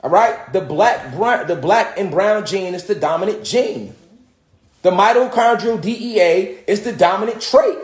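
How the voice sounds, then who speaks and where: A man with a high voice speaks at a moderate pace, teaching a casual, rambling lesson from home. He's a spiritual teacher, profane and constantly repeating "you know what I'm saying." The recording has a roomy echo.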